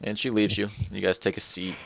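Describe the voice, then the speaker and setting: Deep, gravelly male game master. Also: level tone, fairly quick, pushed and bright, no echo. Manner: loose and chatty, full of "like" and "kinda". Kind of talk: narrating a tabletop game.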